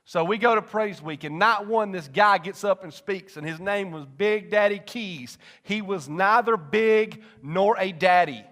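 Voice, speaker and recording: A young man, preaching a folksy personal testimony that swings from loud to hushed. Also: sits high, a little slow, few pauses. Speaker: pastor. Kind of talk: sermon testimony.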